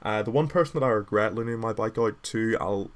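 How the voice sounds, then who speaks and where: A young man tells a personal story in a casual, meandering style. His voice sits a little low. He pads his sentences with fillers and pokes fun at himself as he goes. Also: a little fast. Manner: rambling and self-deprecating, many filler "like"s.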